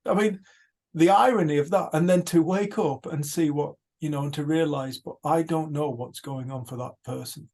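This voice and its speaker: A man hosting a retreat over a video call, telling stories in an earnest, animated way. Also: on the high side, moderate pace. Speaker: retreat host. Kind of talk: casual reflective talk.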